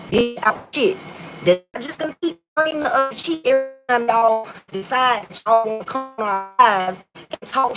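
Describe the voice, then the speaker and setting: An adult mother who vlogs and raps talks directly to her viewers in a Southern US accent, blunt and defiant, swearing plenty. Her voice is mid-range, and the recording is rough.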